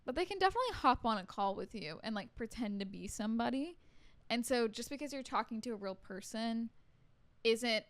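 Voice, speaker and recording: A woman co-host in an easy, chatty conversation, explaining and asking questions. Her voice is slightly high. The recording is dry and close. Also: animated, a little fast, dry recording. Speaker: podcast co-host. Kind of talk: casual chat.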